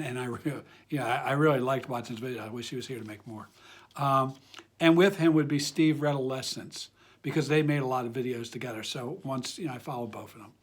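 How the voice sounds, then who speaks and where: A man hosting a fragrance channel, talking casually to camera in a friendly, rambling way with many fillers and restarts. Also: medium pitch. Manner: friendly and enthusiastic.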